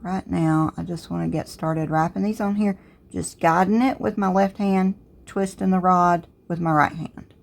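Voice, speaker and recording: Low, gravelly Southern woman. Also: normal speed. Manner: relaxed, thinking aloud while working. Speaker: crafts tutorial host. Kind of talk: casual step-by-step tutorial narration.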